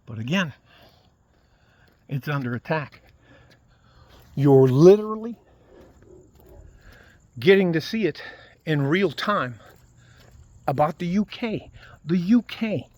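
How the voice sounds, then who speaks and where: A man's voice: a little high, lively intonation, takes it slowly, pauses often, darkish tone. A man from the United States delivering a profane, heated political rant straight to his viewers. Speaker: video blogger. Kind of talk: angry political rant to camera.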